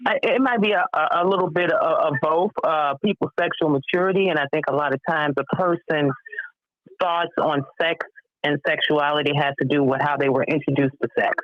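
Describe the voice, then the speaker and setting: A middle-aged woman with a Chicago accent calls in and speaks frankly and thoughtfully, pausing often on fillers. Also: sits low, steady tone, no room sound. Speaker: caller. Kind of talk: casual chat. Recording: muffled phone line.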